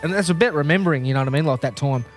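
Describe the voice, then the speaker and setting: A quick-talking Australian man with a slightly raised voice co-hosts a podcast, agreeable and always ready with a joke. His words tumble out fast, and soft music plays faintly underneath. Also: fairly high pitch. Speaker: podcast co-host. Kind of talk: casual podcast chat.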